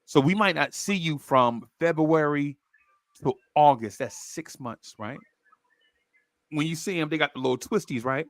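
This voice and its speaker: A man hosting a casual podcast chat, telling animated stories and laughing easily. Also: a little high, a little slow, no echo. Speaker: podcast host.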